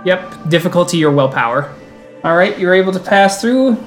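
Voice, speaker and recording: Storyteller for a tabletop game: a man, mid-pitched, unhurried descriptive narration between brisk rules calls, faint music behind. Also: lively intonation.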